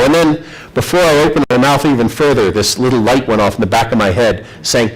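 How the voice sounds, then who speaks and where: A man's voice: mid-range voice, a little fast, poor audio. A man presenting a technical conference talk, telling the story in a chatty, self-deprecating way. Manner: animated storytelling, acts out quoted voices.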